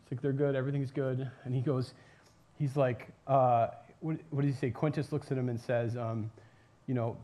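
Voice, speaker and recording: A man preaching a sermon in a casual, animated storytelling way, with lots of fillers and asides. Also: mid-range voice, moderate pace. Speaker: pastor. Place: church.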